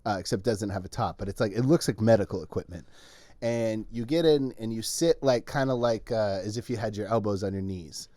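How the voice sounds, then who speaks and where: A man co-hosting a comedy podcast, telling a crude story in a casual, animated way with frequent laughter. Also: fairly low pitch, brisk, dry recording. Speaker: podcast co-host.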